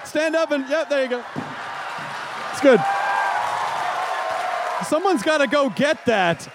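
Animated high-voiced male podcast host. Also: slow, creaky, over a noisy crowd, very noisy. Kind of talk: live podcast banter. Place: live stage before an audience.

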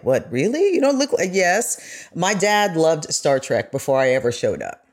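A woman's voice: very deep voice, darkish tone. A woman journalist, a podcast guest, talking earnestly and with feeling in casual conversation. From United States. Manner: earnest, growing emotional.

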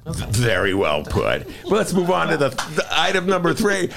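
A man hosting a political talk show, lively and joking as he leads the chat. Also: a little high, moderate pace, gravelly, a crowd in the background. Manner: lively, joking, self-mocking. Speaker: podcast host.

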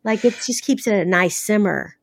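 A woman's voice: medium pitch, normal speed, creaky, no echo. A woman from the American South, an author being interviewed, talking casually with blunt, salty humor and lots of fillers. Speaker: author guest.

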